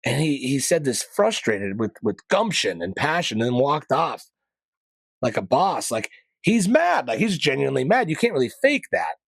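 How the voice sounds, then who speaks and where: A man's voice: mid-range voice, sing-song, moderate pace, vocal fry, slightly rough, dry recording. A man hosting a podcast, chatting loosely through current events with rambling, opinionated asides and casual slang. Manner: mild profanity, casual slang. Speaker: podcast host. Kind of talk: casual news commentary podcast.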